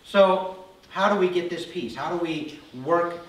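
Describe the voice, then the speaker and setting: A male pastor preaching a sermon, telling the story with animated energy and acting out voices before settling into calm, earnest teaching. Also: high-pitched, unhurried. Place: church sanctuary. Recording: roomy hall from a distance.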